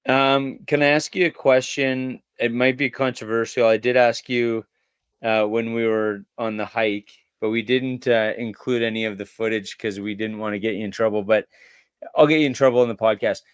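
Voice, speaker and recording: A man hosting a casual podcast, throwing out jokey, playful questions. His voice is smooth and clear, and it is recorded dry and close, with no room sound. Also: mid-range voice, steady tone, moderate pace, no room sound. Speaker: podcast host. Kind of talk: casual interview chat.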